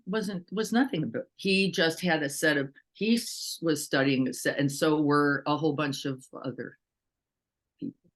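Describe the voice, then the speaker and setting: A woman teacher giving a relaxed, conversational dharma talk. She speaks with lively energy, poses rhetorical questions to her listeners and slips into quick acted-out voices as she explains. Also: sits low. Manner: animated, asks rhetorical questions, acts out quotes. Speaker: meditation teacher.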